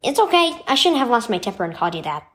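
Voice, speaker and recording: A woman voicing a young boy who is quick-tempered but apologetic, in a read-aloud story. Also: on the high side, big pitch swings, a bit bright. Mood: coaching. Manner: coaching, apologetic.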